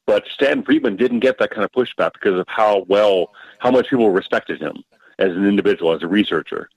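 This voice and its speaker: A man speaking as a guest historian in a roundtable, measured and thoughtful. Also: on the low side, no room sound, poor audio. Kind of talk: casual roundtable discussion.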